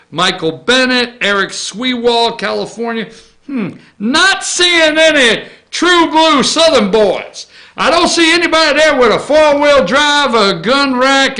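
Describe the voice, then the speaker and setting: A man hosting a casual opinion show, rambling through a list with jokes and asides. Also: extremely high pitch. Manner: joking, rambling, animated, with asides. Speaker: host.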